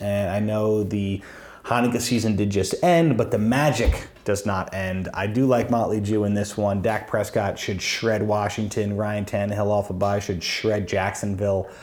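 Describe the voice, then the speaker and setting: A man's voice: lowish voice, a little mellow. A man co-hosting a fantasy football podcast, talking through matchups in a chatty, analytical way with frequent ums. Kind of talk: casual sports chat.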